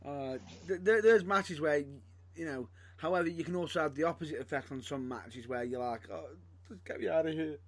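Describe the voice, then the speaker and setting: A man interviewing a fellow wrestler in a relaxed, casual way, asking follow-up questions. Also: fairly high pitch, brisk.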